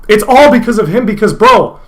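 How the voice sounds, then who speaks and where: High, bright-voiced young male streamer. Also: animated, brisk. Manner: profane, rambling, loud outbursts. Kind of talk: casual livestream rant.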